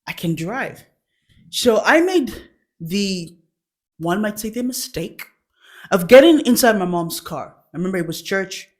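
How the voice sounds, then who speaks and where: A woman's voice: medium pitch, sing-song, measured pace, darkish tone. Giggly young woman telling childhood stories. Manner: giggles often while telling stories, acts out quotes. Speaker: comedy show host. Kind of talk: laughing personal storytelling.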